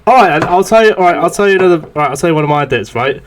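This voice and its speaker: A man's voice: fairly high pitch, lively intonation, racing, slight background noise. A young man on a podcast, telling a rambling, swear-filled story in casual chat. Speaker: podcast host.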